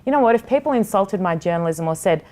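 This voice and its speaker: A woman's voice: medium pitch, animated, fast, a little mellow. A woman in her thirties who hosts a TV sports show, talking candidly and passionately in a casual podcast chat, swearing freely. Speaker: TV sports host, guest.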